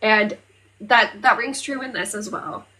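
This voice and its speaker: Woman, podcast co-host, casual chat, mid-pitched voice, animated, swears a lot, fillers. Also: measured pace, slight background noise, poor audio. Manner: animated retelling, often swears, fillers, loses her place.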